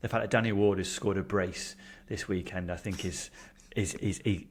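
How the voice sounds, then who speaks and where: A man's voice: low voice, steady tone, normal speed, a little hiss or hum. A man co-hosting a football podcast, arguing emphatically with a jokey edge. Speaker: podcast co-host. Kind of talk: casual football chat.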